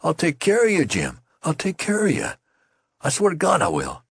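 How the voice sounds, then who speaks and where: A man's voice: on the high side, wildly swooping pitch, moderate pace, slightly rough, no echo, clean studio sound, pitched above the performer's own voice, full character voice. A man voicing a young male soldier who stammers and cries out in anguish over a wounded friend. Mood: frantic. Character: young male soldier, panicked and grief-stricken.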